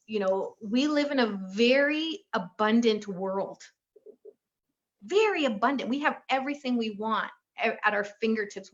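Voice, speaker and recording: A woman relationship coach talking in an interview, animated and acting out the voices of people she quotes. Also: on the high side, highs cut off. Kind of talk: conversational interview.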